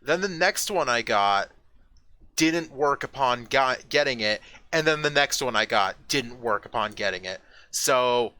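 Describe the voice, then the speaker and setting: A man chatting casually on a live stream, his voice bright and a little sharp at an ordinary middle pitch. He rambles, swears freely and breaks into sudden excited bursts. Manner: rambling, profane, quick to excited outbursts. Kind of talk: casual chat. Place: at home with a roommate nearby.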